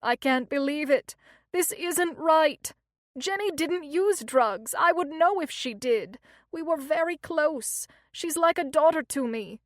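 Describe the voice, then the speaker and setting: A woman voicing an older woman nurse who is emotional and quick to wail in distress, in an audiobook. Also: high voice, no echo, studio quality, natural voice. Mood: tearful. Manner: emotional, wailing.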